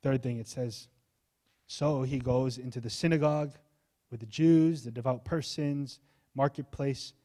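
A male pastor preaching a sermon in a church, impassioned, moving from hushed to high pleading. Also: fairly even intonation, unhurried.

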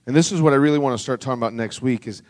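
Guy preaching a sermon, earnest, reads scripture then goes all soft and low, mid voice. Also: racing. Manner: reads scripture aloud, dropping soft and low on solemn lines; earnest, conversational preaching with restarts. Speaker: pastor.

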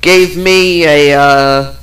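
A woman's voice: low voice, steady tone, drawn-out words, fairly bright tone, low-quality recording. A woman hosting a podcast, telling a personal story in a casual, rambling way with plenty of swearing. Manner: rambling, profane, with fillers and laughs. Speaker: podcast host.

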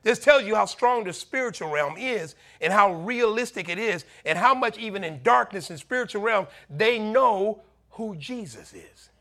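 An animated male preacher delivers a sermon in a high, bright voice. He retells the scripture dramatically, slipping into the voices of worried neighbors and calling to his listeners directly. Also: moderate pace. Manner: animated preaching, acting out townspeople's warnings.

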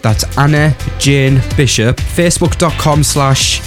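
A young man with a Northeast English accent hosts a relaxed radio show at an ordinary pitch. He reads listener messages in a chatty way, trips over his words and laughs at his own slips. A faint music bed plays behind him. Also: unhurried. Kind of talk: casual radio chat.

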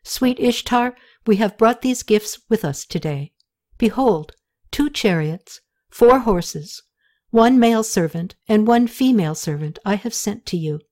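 A ceremonious male scribe in an audiobook who declaims a royal message slowly and solemnly, with each phrase weighted, as a woman narrator voices him. His delivery stays formal and measured. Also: mid-range voice, expressive, darkish tone, close to an everyday voice.

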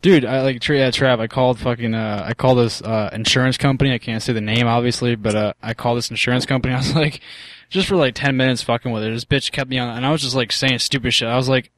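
A man's voice: mid-range voice, fairly even intonation, quick pace, dry recording. Young guy podcast host rambling crude stories, dry close sound. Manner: crude, rambling storytelling with put-on voices. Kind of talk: casual chat.

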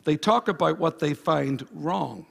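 Gravelly, husky male pastor preaching. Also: a little high, measured pace. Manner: emphatic preaching with repeated phrases. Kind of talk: sermon. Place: church service before a congregation.

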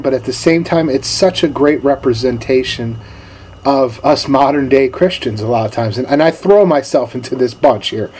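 A male pastor giving a sermon in a relaxed, storytelling manner with casual slang. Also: fairly high pitch, breathy edge.

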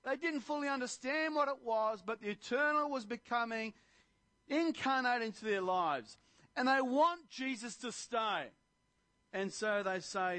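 A man's voice: very high voice, animated, a little slow, bright, forceful tone. A male preacher giving an impassioned sermon that rises to emphatic proclamations.

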